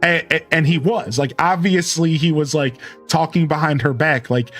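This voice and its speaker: A man's voice: a little high, normal speed, hardly any pauses, fairly bright tone, soft background music. A young man streaming a game, chatting casually and retelling a story with lots of fillers. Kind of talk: casual chat while playing.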